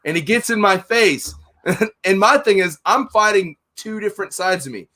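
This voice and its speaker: Casting: middle-aged man, forceful bright voice, profane and blunt, storytelling on a casual podcast. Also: high voice, expressive, moderate pace. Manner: blunt, heated, swears constantly, acts out both sides of arguments. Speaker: podcast host, store owner.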